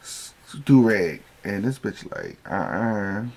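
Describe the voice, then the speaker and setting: A man's voice: medium pitch, animated, moderate pace. A man recapping a reality show in a casual vlog, telling it as profane, gossipy stories and acting out what people said. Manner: acts out quoted lines.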